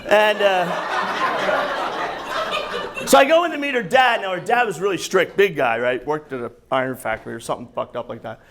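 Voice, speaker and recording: A man performing a profane, animated standup comedy set on a club stage. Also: high voice, fairly quick, long pauses. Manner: animated, profane, loud bursts over crowd laughter. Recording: live club recording with crowd laughter. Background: audience laughing.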